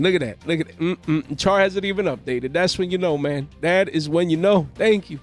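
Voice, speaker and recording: Hype host, man, slangy and excitable, a bit higher voice, faint music bed. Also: brisk, vocal fry, few pauses. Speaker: card market channel host. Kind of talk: hyped market commentary. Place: home.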